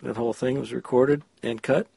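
A man's voice: medium pitch, fairly even intonation, brisk, vocal fry, mellow, husky, no room sound, studio quality. A man recording himself on a phone, reading his short story after a chatty intro. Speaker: story contributor.

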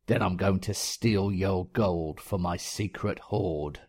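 A man voicing a grinning, dim-witted wicked ogre who speaks in slow, blunt threats. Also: deep voice, darkish tone, breathy edge, heavily acted. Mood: menacing.

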